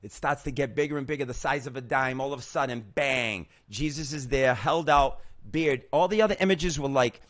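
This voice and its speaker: An older man in his sixties tells his own hard story as host, fired up and motivational, with blunt swearing and stumbling restarts. His voice sits at an ordinary middle pitch. The sound is dry and close, with no room echo. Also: brisk, few pauses, fairly bright tone. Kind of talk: personal recovery testimony.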